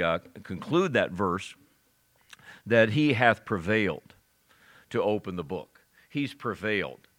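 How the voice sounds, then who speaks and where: An older man preaching in a bright, forceful voice. He teaches in an easy, conversational way, then swells with emphasis as he quotes scripture. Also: on the low side. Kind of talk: sermon.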